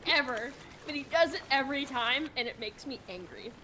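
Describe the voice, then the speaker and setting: A woman's voice: high-pitched, animated, a little fast, few pauses, sharp tone, slight background noise. A woman chatting casually on a live stream, laughing often and acting out mock outrage.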